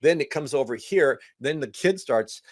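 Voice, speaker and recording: A man speaking as a guest counselor in a casual conversation, animated and acting out other people's lines, repeating words in quick bursts. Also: fairly high pitch, dry recording, clean studio sound.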